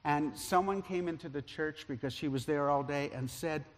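Pastor guy preaching, bit higher voice, tells stories with lots of ups and downs in loudness, big echoey church. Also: moderate pace. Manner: animated storyteller, loudness rising and falling with the story. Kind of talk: sermon storytelling. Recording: long reverb of a large hall.

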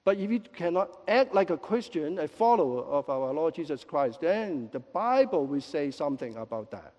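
A male pastor delivering a lively sermon with joking asides and quick apologies, in a church sanctuary. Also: a little high, lo-fi sound. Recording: long echo of a large hall.

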